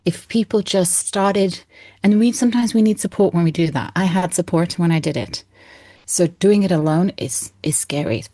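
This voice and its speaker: A woman's voice: lowish voice, moderate pace, warm tone, dry recording. A woman in her thirties, a coach speaking earnestly and expressively as an interview guest, often laughing. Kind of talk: heartfelt interview talk.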